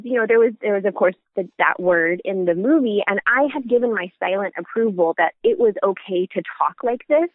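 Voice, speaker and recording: A woman's voice: medium pitch, expressive, a little fast, few pauses, no room sound. Woman talking over a phone-like line. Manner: anecdotal, laughs while telling stories. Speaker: podcast co-host. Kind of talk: casual parenting chat. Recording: phone-like remote audio.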